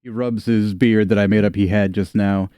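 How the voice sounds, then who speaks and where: A man narrates a tabletop game as game master, relaxed and joking. His voice is fairly low, and the recording is close and dry. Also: normal speed, smooth, no echo. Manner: casual, laughing asides.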